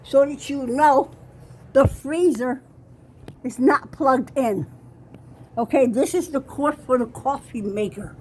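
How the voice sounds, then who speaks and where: Holding her phone, an older woman with a high voice walks slowly through her small kitchen, breathless and insistent, repeatedly saying "okay" as she films a home walkthrough. Her tone is slightly mellow, the audio is poor, and a faint room hum sits underneath.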